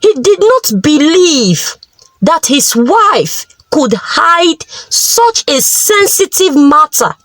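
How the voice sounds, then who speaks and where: A woman narrating a folktale in a slow, expressive way. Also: sits high, no room sound, poor audio. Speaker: storyteller.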